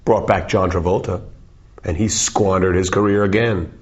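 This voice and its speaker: A man's voice: low-pitched, steady tone, normal speed, slightly rough. A man in his forties, a musician, giving goofy, wandering, self-interrupting interview answers. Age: 40s. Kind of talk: rambling, joking interview answers. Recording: dull, lo-fi recording.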